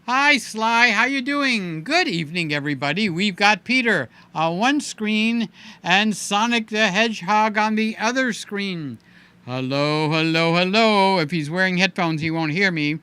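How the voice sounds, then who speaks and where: A man's voice: high-pitched, animated, measured pace, pushed and bright, clean tone, dry recording. A man hosting a casual livestream, playful and chatty, greeting viewers by name. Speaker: livestream host.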